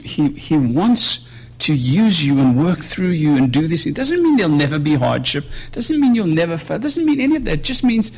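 Lively, conversational male preacher. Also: fairly high pitch, slightly rough. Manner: conversational preaching, swings between soft musing and raised emphasis. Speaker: pastor. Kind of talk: sermon.

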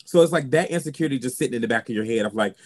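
A man's voice: medium pitch, rapid-fire. Southern-accented man, drag performer, sassy interview storyteller. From South Carolina. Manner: sassy, expressive, sprinkles in "honey" and "girl".

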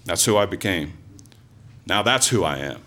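A man telling a personal story live to an audience, in an animated, conversational way with lots of asides and fillers. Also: low-pitched, moderate pace. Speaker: storyteller, former teacher.

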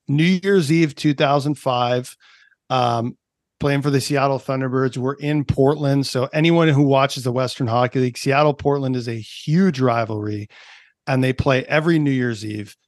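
A man's voice: mid-range voice, normal speed, dry recording. Canadian-raised man in his thirties, performance coach, casual explainer with lots of filler, dry close mic. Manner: chatty, explanatory, lots of "like" and "right?". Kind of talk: casual podcast interview.

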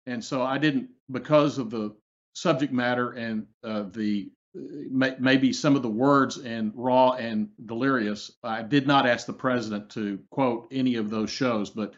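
A man's voice: medium pitch, steady tone, a little slow. A man being interviewed as a guest, telling long anecdotes with many fillers and quoted lines. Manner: rambling with frequent fillers, quoting others. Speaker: guest, co-founder of a humor prize. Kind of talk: anecdotal storytelling. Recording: slightly muffled audio.

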